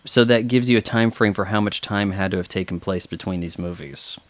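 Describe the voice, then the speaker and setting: A man's voice: deep voice, fairly quick, no echo. A man chatting casually through a film commentary, opinionated and thinking aloud with fillers. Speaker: commentary host.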